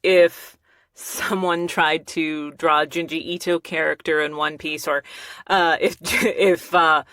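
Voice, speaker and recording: A woman hosting a casual solo podcast, catching listeners up in an animated, laughing way. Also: sits low, slow, no room sound, studio quality. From half Mexican. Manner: animated storytelling with frequent laughs. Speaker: podcast host. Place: small recording studio. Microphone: studio microphone.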